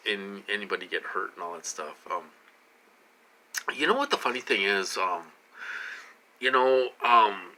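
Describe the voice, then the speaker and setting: A man's voice: fairly low pitch, bright, forceful tone, low-quality recording. A man talking to camera in a casual vlog, rambling with many fillers and restarts, his voice rising and dropping with emphasis. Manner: rambling, halting, many fillers and repeated words. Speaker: vlogger.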